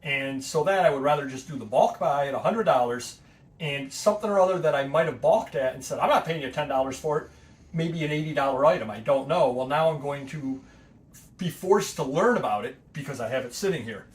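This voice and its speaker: A man's voice: fairly high pitch, brisk, far from the mic. A man chatting casually to his viewers about old items he bought to resell, rambling with ums and restarts. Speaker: antiques reseller vlogger. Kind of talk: casual show-and-tell vlog.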